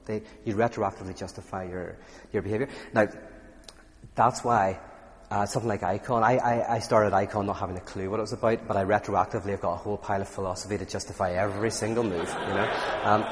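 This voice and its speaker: This Irish-accented lecturer talks fast in a fairly low voice, digressing with animation, chuckling at his own expense, and answering audience questions. The recording has a long reverb tail and a little hiss or hum.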